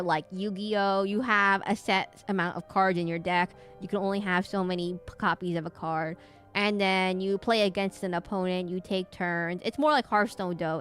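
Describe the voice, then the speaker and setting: A woman's voice: mid-range voice, fairly bright tone. A young woman streaming a game, chatting casually and thinking aloud in a rambling way. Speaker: VTuber streamer. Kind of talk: casual gaming stream chat.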